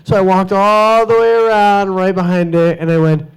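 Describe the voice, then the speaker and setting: A high-pitched man speaks to a convention panel audience. He tells his stories with animated energy and slips into quoted voices along the way. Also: moderate pace, hardly any pauses, smooth. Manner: lively, jumps into quoted voices. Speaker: cosplayer panelist.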